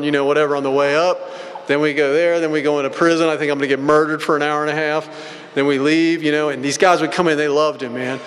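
A man's voice: fairly high pitch, fairly bright tone, a little hiss or hum. A man giving a personal recovery testimony at a meeting, telling stories in a blunt, rambling, casual way full of filler words. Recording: hall with long reverb.

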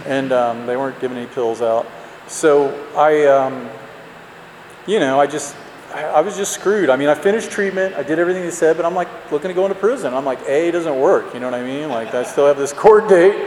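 A man's voice: on the high side, a little fast, a little mellow, a little hiss or hum. A man telling his recovery story as a personal testimony, rambling and self-mocking with lots of fillers. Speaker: speaker sharing recovery story. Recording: roomy hall with long reverb.

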